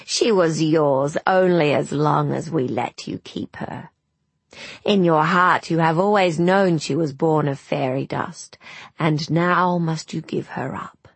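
Woman doing a wizened fairy crone, mischievous, menacing, husky, slow, storybook. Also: low voice, no room sound, heavily acted.

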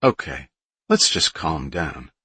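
A man's voice: a bass voice, very animated, slow, pushed and bright, slightly rough, no room sound, heavily acted. A man voicing a peacemaking group member. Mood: soothing. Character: peacemaking man, calming others.

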